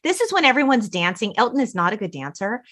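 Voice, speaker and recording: A woman in her forties hosting a podcast, recapping a film in animated casual chat, quoting characters and laughing often. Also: on the high side, quick pace, slight background noise. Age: 40s. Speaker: podcast host.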